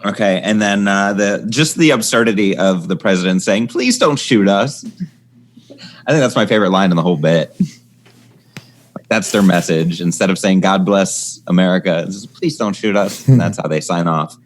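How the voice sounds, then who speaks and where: A man with a low voice chats in a relaxed way and tops the jokes with dry add-ons. A faint hiss sits under his recording. He sounds like a podcast co-host among friends. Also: brisk. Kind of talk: casual comedic banter.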